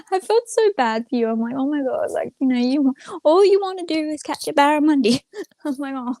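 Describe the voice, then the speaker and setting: A woman's voice: sits high, lively intonation, brisk, mellow, no echo. A young woman chatting casually on a livestream, rambling and retelling stories with lots of "I'm like.". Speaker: streamer.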